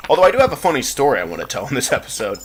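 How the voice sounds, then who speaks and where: A man's voice: medium pitch, big pitch swings, racing, background noise. A young man chatting casually over gameplay, rambling with frequent laughs and restarts. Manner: rambling, giggly, self-interrupting. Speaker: gameplay commentator. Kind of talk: casual let's play chat.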